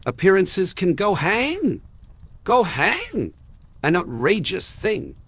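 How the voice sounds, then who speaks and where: A man reading an audiobook, voicing an indignant elderly uncle who bursts out in outraged, high-pitched exclamations. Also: very animated, measured pace, vocal fry, husky, dry recording, exaggerated voice.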